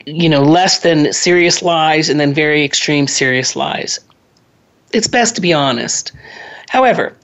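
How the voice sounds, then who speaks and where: Low-voiced woman counselor giving advice. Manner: earnest, advising, with occasional throat clearing. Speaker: family counselor. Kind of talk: radio advice talk.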